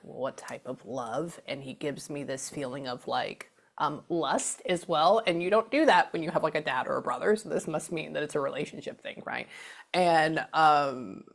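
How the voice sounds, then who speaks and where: Young woman medium chatting thru a reading, lowish voice, keeps going hushed then loud and animated. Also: vocal fry. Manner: chatty, often drops to a whisper to listen, then speaks up brightly. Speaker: spiritual medium.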